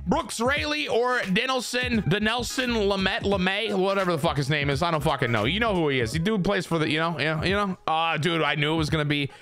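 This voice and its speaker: A man's voice: a little fast, few pauses, faint music behind. A man streamer giving casual, joking, profane commentary while playing a baseball video game. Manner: animated, joking and profane, pitch swinging widely. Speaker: gaming streamer.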